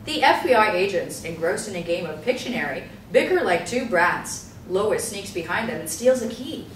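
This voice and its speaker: A woman's voice: mid-range voice, sing-song, moderate pace, a little hiss or hum. Woman, narrator, stage directions, table read, echoey room, distant mic.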